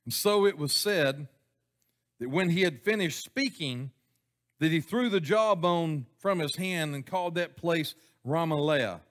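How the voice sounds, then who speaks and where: This pastor's voice sits on the high side and moves a little slowly as he delivers a sermon in the church sanctuary. Folksy and given to chuckles, he regularly asks his congregation questions.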